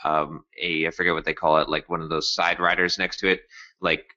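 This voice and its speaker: Man, deep pitch, bright forceful tone, rambling podcast chat, dull lo-fi sound. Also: level tone, fairly quick. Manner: rambling, many fillers and restarts. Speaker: podcast co-host. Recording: dull lo-fi audio.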